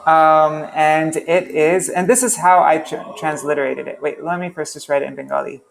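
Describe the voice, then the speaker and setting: Chatty man teaching, slightly high voice. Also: steady tone, normal speed, vocal fry, slight background noise. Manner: chatty, self-interrupting, repeats sounds to demonstrate. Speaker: language teacher. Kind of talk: casual online class.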